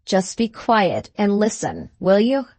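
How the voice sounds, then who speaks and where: A cold, sneering husband from an audiobook, drawling each word slowly and cuttingly, as a woman narrator reads him. His lines sit in a middling register and sound dry and close, with no room around them. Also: mid-range voice, lively intonation, darkish tone, no room sound, lightly acted. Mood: cold menace. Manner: superficial drawl, slow and cutting. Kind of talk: audiobook character reading.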